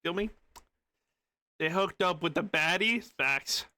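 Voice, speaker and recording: A man's voice: high-pitched, slow, pushed and bright, slight background noise. A man streaming, joking around in slangy, casual banter with someone next to him while reacting.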